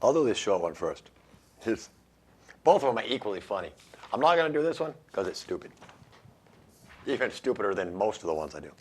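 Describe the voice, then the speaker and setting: A man's voice: lowish voice, very animated, fairly quick, pauses often, breathy edge. A man hosting a radio show, reading odd news stories and making wry jokes about them, laughing at his own lines. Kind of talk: casual comedic news commentary.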